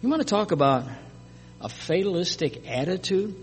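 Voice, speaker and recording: A man's voice: high-pitched, animated, normal speed, in a large hall, a little hiss or hum. A man preaching a sermon, reading scripture and commenting with emphatic, conversational asides.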